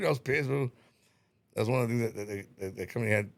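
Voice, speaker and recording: A middle-aged man rambles through stories in a casual podcast chat. His voice is gravelly and his pace is quick, and he stumbles over repeated words, swears freely and laughs often. His pitch sits in the ordinary middle. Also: very animated. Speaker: podcast guest.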